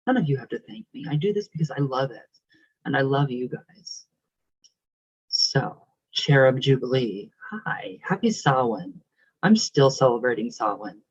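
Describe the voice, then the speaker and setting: A man's voice: mid-range voice, slightly rough, no echo, muffled recording. A young man hosting his channel, reading out viewer comments in a casual, affectionate, emotional way with frequent laughs.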